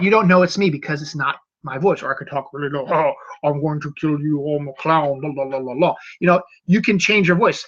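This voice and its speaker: A man's voice: on the high side, pushed and bright. A man in his thirties hosting a solo podcast, talking casually and rambling with restarts. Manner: rambling, repeats words and restarts. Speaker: podcast host. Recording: dull lo-fi audio.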